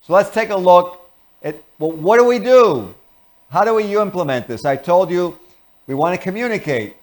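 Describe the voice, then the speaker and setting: A man hosting a talk show, giving an earnest, animated motivational lecture and acting out examples. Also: sits high, normal speed. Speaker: host and lecturer.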